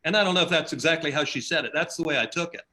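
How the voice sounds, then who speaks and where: Man, podcast guest, casual storytelling, bright tone, slightly high voice. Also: very fast. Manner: storytelling, acts out quotes in animated voices. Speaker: podcast guest, team leader. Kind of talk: casual chat.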